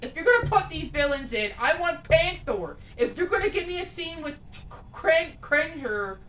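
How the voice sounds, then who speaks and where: High-voiced woman ranting off-mic. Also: lively intonation, moderate pace, fairly bright tone, distant mic, slight background noise. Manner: blunt, profane, ranting. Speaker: podcast co-host. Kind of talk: casual movie review chat. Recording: echoey room, off-mic.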